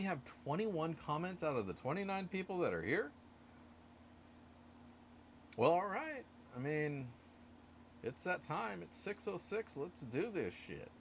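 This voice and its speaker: A man's voice: on the high side, sing-song, measured pace, a little hiss or hum. A man hosting a casual live stream giveaway, rambling and joking at his own expense. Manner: rambling, self-joking, loose. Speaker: livestream host running a giveaway.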